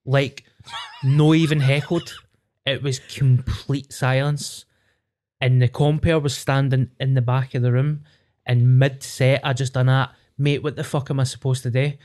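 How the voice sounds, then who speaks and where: A Scottish man, a guest comedian, telling a swear-laden story about a bad gig in casual chat. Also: mid-range voice. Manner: animated anecdote teller, swears freely.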